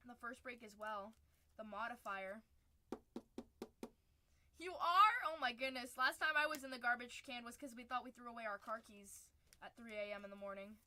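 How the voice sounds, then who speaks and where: A woman's voice: a little high, moderate pace, sharp tone, a little hiss or hum. A woman hosting a live trading card break stream, chatting in an upbeat way and calling out each card as she pulls it. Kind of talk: casual live-stream chat.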